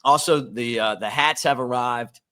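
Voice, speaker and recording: A man hosting a casual sports podcast, easygoing and quick to laugh, reading sponsor plugs between chat. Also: mid-range voice, bright, forceful tone. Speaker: podcast host.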